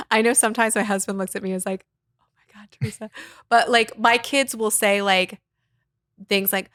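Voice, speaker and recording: A woman talks in a relaxed interview as a voice teacher and guest. Her delivery is animated and expressive, with easy laughter, and her voice sits at an ordinary middle pitch. The sound is dry and close. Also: moderate pace, long pauses, no echo. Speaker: guest, voice teacher and arts nonprofit founder. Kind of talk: casual interview conversation.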